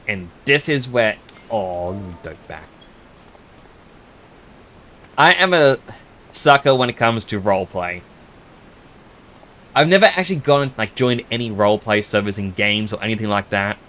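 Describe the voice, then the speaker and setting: A man's voice: on the low side, expressive, moderate pace, fairly bright tone. A chatty man with an Australian accent giving casual commentary while streaming a game and thanking viewers.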